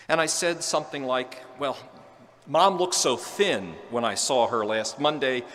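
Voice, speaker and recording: A man preaching a homily, his voice trailing off into the long reverb of a large church. He tells his story in an earnest, gentle way, with quiet touches of dry humor. His pitch sits in an ordinary middle range. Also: measured pace. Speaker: priest.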